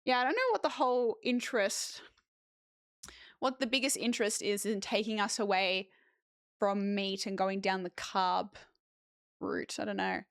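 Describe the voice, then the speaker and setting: A young Australian woman chatting casually with viewers as a streamer, lively with animated asides. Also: medium pitch, normal speed, gravelly, long pauses, smooth, no room sound, studio quality. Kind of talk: casual chat reading viewer messages.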